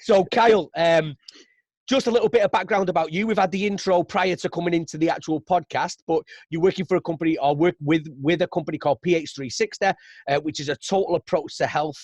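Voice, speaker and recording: A man's voice: a little high, fast, no echo. A man with a Manchester accent hosting a podcast, chatty and easygoing, with many fillers. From Manchester, England. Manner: chatty, laughing, filler-heavy. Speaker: podcast host. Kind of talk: casual interview chat.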